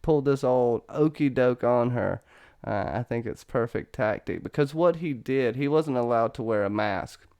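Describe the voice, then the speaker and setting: A man hosting a casual online discussion of a TV show, animated, joking and laughing as he talks. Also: medium pitch, moderate pace, clear, resonant tone. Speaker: podcast host. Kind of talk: casual discussion on a video call.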